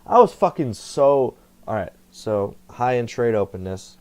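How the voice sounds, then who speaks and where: A man's voice: medium pitch, sing-song, a little slow, a little mellow. A young man rambling casually to camera, meandering, swearing often and correcting himself as he goes. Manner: meandering, profane, self-correcting. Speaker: vlogger. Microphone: computer headset setup.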